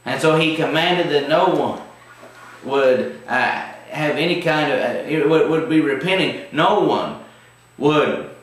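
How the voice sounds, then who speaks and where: A man's voice: a little high, takes it slowly. Man teaching the bible, folksy and emphatic, mic far away in a big echo. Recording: very echoey room, distant mic.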